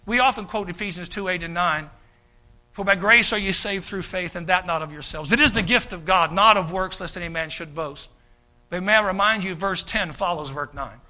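A male pastor with a high-pitched voice preaches a folksy, animated sermon at a fairly quick clip. He often acts out quoted voices and keeps restarting his sentences.

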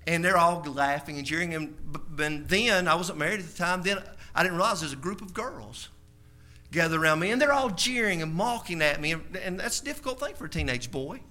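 A male preacher telling a personal story in a sermon, going from soft storytelling to shouted conviction. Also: a little high, animated, brisk.

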